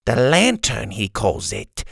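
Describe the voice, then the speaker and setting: Man doing a rambling old pirate sailor, crackly low edge, dry close mic. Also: very animated, slow, creaky, fairly bright tone, husky, dry recording, exaggerated voice. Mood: chatty. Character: chatty old male pirate crewman, loose-lipped.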